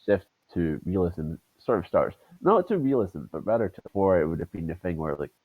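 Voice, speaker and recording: A man's voice: low voice, expressive, brisk, husky, dry recording, phone-quality sound. A Scottish man co-hosting a casual podcast over voice chat, rambling and swearing as he jokes. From Scotland. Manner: rambling, profane, joking. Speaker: podcast co-host. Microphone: headset over voice chat.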